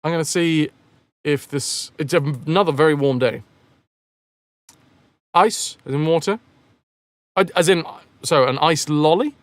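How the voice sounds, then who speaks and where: A man's voice: on the high side, unhurried, pauses often, no room sound. A man chatting casually on a game live stream, rambling and joking as he answers chat messages.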